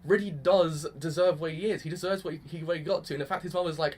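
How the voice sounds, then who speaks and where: A young man giving a casual reaction review of an anime episode, gushing and excitable, with mild swearing sprinkled through his talk. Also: fairly high pitch, fast talker, few pauses, slight background noise.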